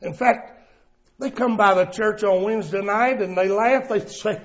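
A male pastor preaching a sermon, emphatic and drawn out, with the Bible quotes shouted. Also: high voice, normal speed, dull audio.

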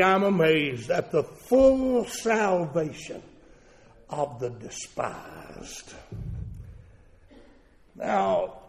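High-voiced male pastor, dramatic sermon, long church reverb. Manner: dramatic storyteller, swings from hushed to shouting. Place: church service.

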